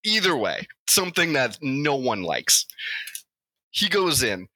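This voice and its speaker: A man's voice: mid-range voice, big pitch swings, takes it slowly, sharp tone, dry recording. A man telling a rambling, crude comic story off the cuff, swearing often and playing the characters himself.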